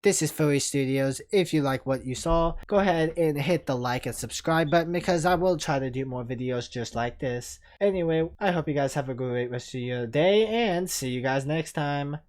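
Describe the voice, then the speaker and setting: Brief: easygoing channel host, medium pitch, casual rambling ranking commentary. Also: moderate pace, few pauses. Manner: relaxed, rambling, leans on "you know".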